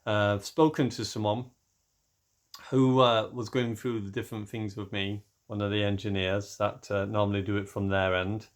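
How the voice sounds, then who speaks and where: A man with a voice that is going hoarse, chatting casually in a rambling vlog about his internet connection troubles. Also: fairly low pitch, little pitch movement, normal speed. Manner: rambling, frustrated tech explaining. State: losing his voice. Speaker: gaming vlogger.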